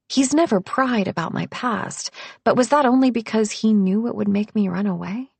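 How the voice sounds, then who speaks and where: Hushed gravelly woman reading a thriller. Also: on the low side, no room sound. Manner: hushed, often sinking into whispers. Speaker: audiobook narrator. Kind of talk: first-person thriller narration.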